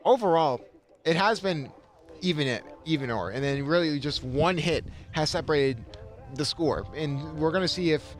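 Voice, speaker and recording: This young man calls high school baseball with a voice that sits a little high. He rambles through his thoughts and restarts often. Faint music plays behind him. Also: expressive, normal speed. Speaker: play-by-play commentator. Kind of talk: casual sports commentary.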